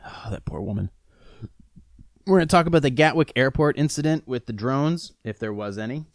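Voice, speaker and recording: A man hosts his own podcast, a rambling, profane, self-mocking solo rant, all while fighting off the hiccups. His medium-pitched voice is expressive and a little fast, recorded in clean studio sound with no echo.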